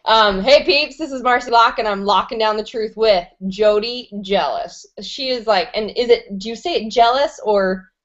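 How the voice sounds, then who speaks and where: A woman's voice: on the high side, normal speed, few pauses, muffled recording. Enthusiastic slangy woman host. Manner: enthusiastic, slangy and profane, rambling. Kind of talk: energetic online interview show.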